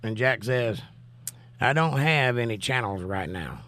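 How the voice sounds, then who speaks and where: A man's voice: medium pitch, animated, a little slow, fairly bright tone, no room sound. Chatty man reading out live chat. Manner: chatty, reads viewer comments aloud. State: recovering voice, coughing. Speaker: livestream host. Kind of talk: casual live-chat commentary.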